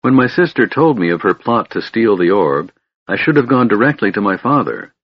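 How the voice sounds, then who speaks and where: A man's voice: lowish voice, big pitch swings, moderate pace, slightly rough, muffled recording. A man voicing an anguished young elf lover. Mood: pleading. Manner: earnest, pleading.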